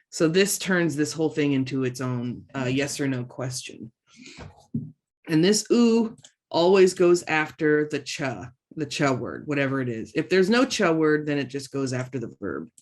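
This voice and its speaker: A woman teaching an online language lesson, saying each word slowly and twice, and chatting casually between the drills. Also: low-pitched. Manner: slow, careful pronunciation drills with repeated words.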